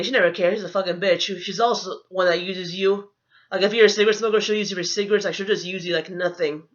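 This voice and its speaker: A woman's voice: medium pitch, a bit bright. A young woman telling a storytime vlog in a blunt, profane, indignant rant. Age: young adult. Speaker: vlogger. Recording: dull lo-fi recording.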